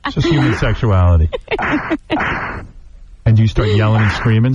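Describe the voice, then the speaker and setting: A man's voice: on the low side, normal speed, darkish tone, slightly rough, no echo, muffled recording. A man hosting a radio show, questioning a guest in a blunt, prying, flirtatious way. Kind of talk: radio interview. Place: radio studio.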